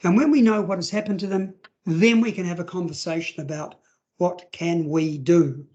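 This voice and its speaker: High-voiced man giving a webinar. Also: steady tone, moderate pace, a little mellow, muffled recording. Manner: conversational, acts out scenarios, frequent fillers. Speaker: trainer for foster carers. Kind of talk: webinar presentation. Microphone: video call.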